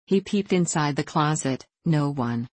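A woman narrating a classic children's storybook in a measured, plain manner. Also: sits low, lively intonation, a little mellow, dry recording. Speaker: audiobook narrator. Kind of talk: storybook reading.

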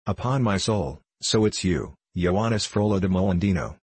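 Man reading a jeering young scholar in an audiobook, mocking, low husky voice. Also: expressive, moderate pace, darkish tone, no room sound.

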